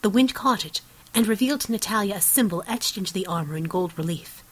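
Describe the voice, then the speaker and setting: A woman reading an action novel aloud in measured, dramatic scripted narration. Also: medium pitch, lively intonation, slightly rough, low-quality recording. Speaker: audiobook narrator.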